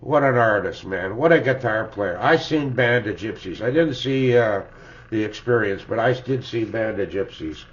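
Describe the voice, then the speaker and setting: A man's voice: lowish voice, lively intonation, normal speed. Older man rambling about records. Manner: rambling, chuckling, tags lines with "eh?". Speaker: music collector vlogger. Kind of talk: casual reminiscing about records. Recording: dull lo-fi home recording.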